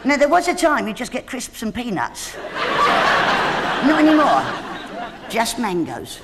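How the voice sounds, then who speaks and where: A man's voice: very high-pitched, wildly swooping pitch, measured pace, heavy background noise. A man doing live stand-up comedy on a theatre stage, rambling and teasing the audience. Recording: live theatre, loud crowd laughter.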